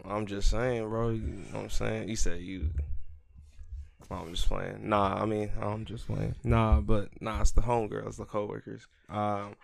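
A man's voice: lowish voice, flat delivery, creaky, no echo, clean studio sound. A young man co-hosting a podcast, joking around and playfully protesting. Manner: joking, teasing and quick to protest. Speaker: podcast co-host. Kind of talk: casual chat.

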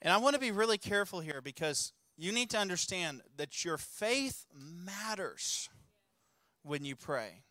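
A man's voice: high-pitched, lively intonation, measured pace, pushed and bright, dry recording. A man preaching a sermon as a pastor, telling stories in a conversational way with frequent restarts and rising to urgent exhortation. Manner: conversational storytelling with many restarts.

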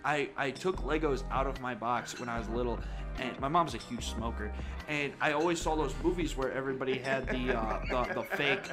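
A man's voice: mid-range voice, fairly quick, music in the background. A young man co-hosting a casual podcast, rambling through a story, swearing freely and acting out the quoted lines. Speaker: podcast co-host. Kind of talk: casual chat.

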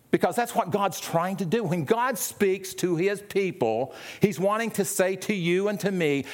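A man's voice: high-pitched, normal speed, hardly any pauses. A middle-aged man preaching a sermon in a conversational way, often asking the listeners rhetorical questions. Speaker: pastor.

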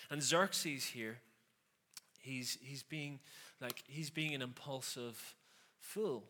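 A man's voice: medium pitch, slow, sharp tone, slight background noise. A man preaching a conversational sermon, with sarcastic asides and frequent questions to the listeners.

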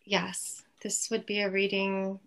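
A woman's voice: mid-range voice, monotone, slow pace, fairly bright tone. A woman being given a tarot reading, answering questions with brief, hesitant replies. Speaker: tarot client.

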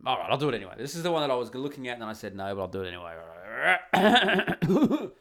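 A man's voice: mid-range voice, very animated, quick pace, a bit bright. A man hosting a podcast in a casual, rambling way, muttering and humming to himself as he searches through comments. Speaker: podcast host.

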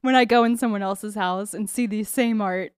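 A woman's voice: mid-range voice, normal speed, clean tone, no room sound, studio quality. A young adult woman co-hosting a podcast in casual chat, candid and joking. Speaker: podcast co-host.

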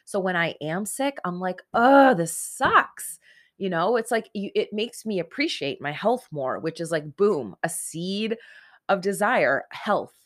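A woman's voice: lowish voice, expressive, unhurried. A woman in her forties giving an earnest, conversational motivational talk on self-help, speaking straight to her listeners. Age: 40s.

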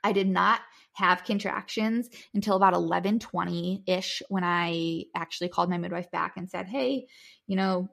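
Young female podcast host, low register with a gravelly edge; chatty, animated personal storytelling. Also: moderate pace, few pauses. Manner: chatty, animated retelling with frequent fillers.

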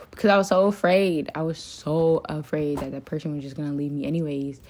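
A woman's voice: sits low, fairly even intonation, a little fast, a little mellow, a little hiss or hum. A young woman in a confessional solo monologue, venting and rambling with lots of swearing and filler words. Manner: frequent fillers like "like" and "um". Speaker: podcast host.

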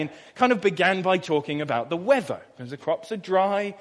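A man from Suffolk, England, preaching a sermon as pastor, reading scripture slowly and then explaining it in a chatty, anecdotal way. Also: sits high, lively intonation, long reverb tail. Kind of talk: expository sermon. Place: church hall.

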